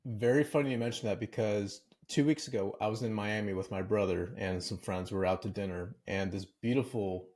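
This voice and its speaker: A man's voice: on the low side, a little fast, few pauses, a little mellow. A man guesting on a podcast, speaking candidly and conversationally as he tells stories. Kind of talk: casual interview chat.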